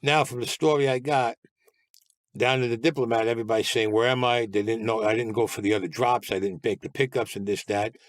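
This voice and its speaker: A man tells his past in a blunt, streetwise way, laying out events plainly in present tense. His pitch sits in the middle for a man, and the sound is dry and close to the mic. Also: steady tone, fairly quick, no echo. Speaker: guest. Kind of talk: storytelling interview.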